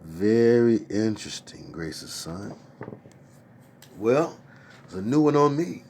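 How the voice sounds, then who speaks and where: A man's voice: on the low side, very animated, takes it slowly, long pauses, darkish tone, breathy edge. A man hosting a casual stream from his desk, reading viewer comments aloud with exclamations and chatty asides. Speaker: host. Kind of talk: casual livestream chat. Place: at a desk at home.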